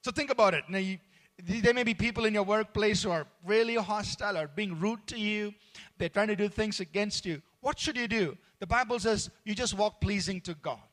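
Bright-voiced man preaching casually. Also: high-pitched, brisk. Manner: conversational, earnest, with many fillers and restarts. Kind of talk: sermon on workplace conduct.

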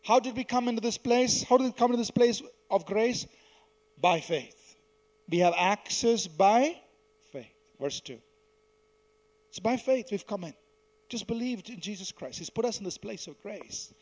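A man preaching a sermon, teaching verse by verse and asking the congregation to repeat lines after him, swelling loud on key words and dropping soft at the ends. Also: sits high, expressive, moderate pace.

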